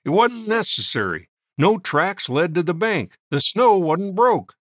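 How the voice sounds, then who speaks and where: A man voicing a gruff, domineering frontier miner acting as judge, speaking bossily. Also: a little high, big pitch swings, normal speed, a bit bright, dry recording, studio quality, pitched above the performer's own voice. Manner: gruff, bossy.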